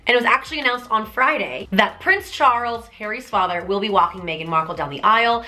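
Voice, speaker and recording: A young woman in her twenties recapping celebrity news in a chatty vlog, gushing and animated. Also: mid-range voice, a little fast, few pauses. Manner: gushing and animated, with sudden excited squeals. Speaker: vlogger.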